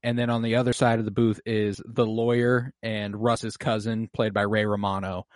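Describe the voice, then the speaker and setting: A man's voice: fairly low pitch, level tone, moderate pace, no room sound. A young man co-hosting a casual film podcast, rambling with many fillers and acting out quotes. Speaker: podcast co-host.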